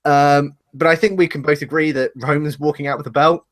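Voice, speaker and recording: A man's voice: on the high side, fairly even intonation, fairly quick. Rambling man co-hosting a live show. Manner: rambling, speculative, laughs at himself. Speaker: podcast co-host. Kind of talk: casual live discussion. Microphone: webcam.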